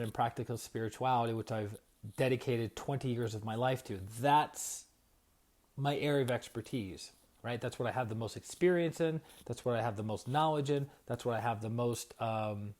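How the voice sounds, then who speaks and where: A man's voice: medium pitch, a little mellow. A middle-aged man, a spiritual coach and energy healer, speaking in a live-streamed motivational talk. He talks in a conversational way and keeps checking in with his listeners by asking "right?". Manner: conversational, repeats "right?" often.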